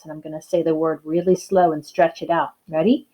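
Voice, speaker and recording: A woman teaching kindergarten in a video lesson, speaking in a slow, exaggerated, sing-song way to young children. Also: on the low side, a little mellow, low-quality recording.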